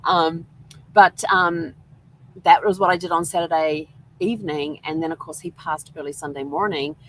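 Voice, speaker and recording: A woman hosting her own show, telling a personal story in a casual, earnest and reflective way, with soft laughs now and then. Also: low voice, slight background noise, poor audio. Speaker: host. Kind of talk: casual solo livestream talk.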